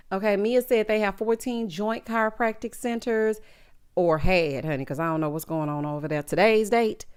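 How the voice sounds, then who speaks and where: A woman's voice: medium pitch, clear, resonant tone. A woman giving a sassy, gossipy recap of a reality show in casual chat, calling her viewers "honey" and "child.".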